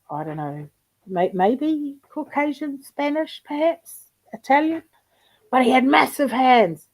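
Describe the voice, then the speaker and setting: A woman's voice: fairly high pitch, rough recording. A woman hosting a livestream in casual chat, telling rambling, profane anecdotes with frequent laughter. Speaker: livestream host.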